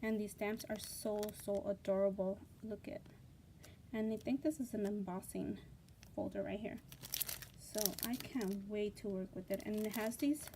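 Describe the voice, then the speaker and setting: A woman hosting a casual craft unboxing vlog, gushing and excitable, with lots of fillers and repeated words. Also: medium pitch, normal speed, slight background noise. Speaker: craft channel host.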